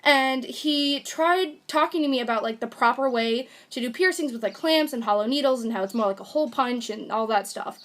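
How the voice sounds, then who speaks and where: A woman's voice: fairly high pitch, brisk, hardly any pauses, a bit bright. A woman, a former retail worker, telling a story in a casual, annoyed way with lots of fillers. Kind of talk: personal story to camera.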